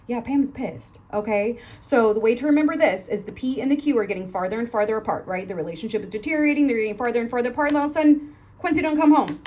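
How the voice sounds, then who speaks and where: Upbeat woman tutor with a slightly high voice, talks fast, playful storyteller. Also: a little mellow. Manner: fast, chatty, playful, keeps checking with "okay?". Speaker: nursing tutor. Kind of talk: animated teaching with storytelling.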